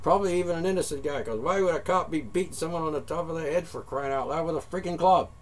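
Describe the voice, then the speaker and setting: A man's voice: on the high side, fast talker, a little hiss or hum. Heated, profane man ranting. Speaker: vlogger. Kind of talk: angry monologue rant.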